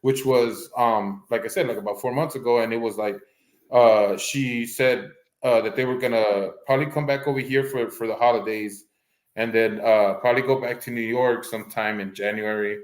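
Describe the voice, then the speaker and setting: A man's voice: mid-range voice, steady tone, normal speed. Rambling man in a roomy echo. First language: Spanish. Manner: rambling, many restarts, acts out voices animatedly. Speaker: podcast co-host. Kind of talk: casual chat.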